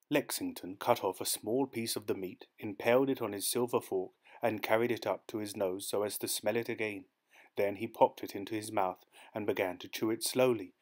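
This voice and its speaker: A man reading a short story aloud as an audiobook narrator, steady and measured. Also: lowish voice.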